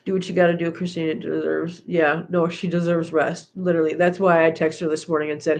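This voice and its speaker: A woman's voice: level tone, fairly quick, few pauses, darkish tone, slight background noise. Casting note: woman vlogger, chatty live-stream host on a couch at home, talks to her cats. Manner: chatty, coos at her cats in a high baby voice. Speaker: cat channel host. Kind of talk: casual live-stream chat.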